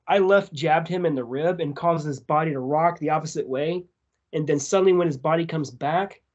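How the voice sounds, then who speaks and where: A man guesting on a podcast, telling a story in a casual, profane, animated way. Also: on the high side, dull audio. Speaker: tattoo artist.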